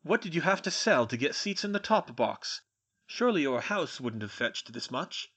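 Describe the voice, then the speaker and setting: A man's voice: a little high, big pitch swings, moderate pace, a bit bright, husky, full character voice. A man voicing a haughty, menacing aristocratic wizard father who sneers and hisses. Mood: sneering. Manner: haughty and sneering, hissing at times.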